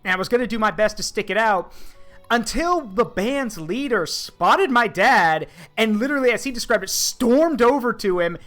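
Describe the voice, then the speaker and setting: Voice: medium pitch, lively intonation, normal speed, fairly bright tone, faint music behind. A streamer host in casual chat, telling a long story with lots of fillers and restarts. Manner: rambling, filler-heavy storytelling.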